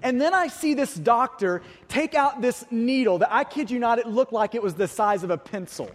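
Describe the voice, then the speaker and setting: A man's voice: very high-pitched, expressive, moderate pace, few pauses, in a large hall. A man preaching a sermon, telling a personal story with vivid detail and rhetorical questions to the congregation. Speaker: pastor.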